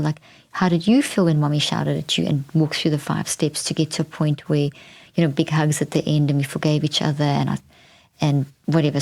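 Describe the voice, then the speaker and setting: A woman's voice: low voice, darkish tone. A middle-aged woman hosting a podcast, telling a candid personal story in a reflective way, with frequent restarts. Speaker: podcast host.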